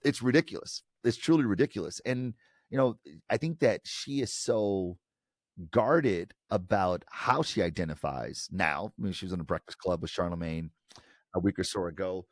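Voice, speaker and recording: An American man from Detroit, a professor and author, talking in an interview in a lively way and acting out quoted voices. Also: low-pitched, normal speed, no echo, studio quality. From Detroit, United States. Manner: animated, acts out quoted voices. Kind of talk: conversational interview.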